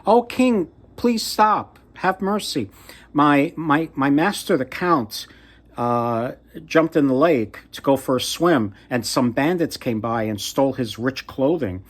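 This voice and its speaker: A man voicing a cunning talking male cat who cries out in high, pleading tones. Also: unhurried, natural voice.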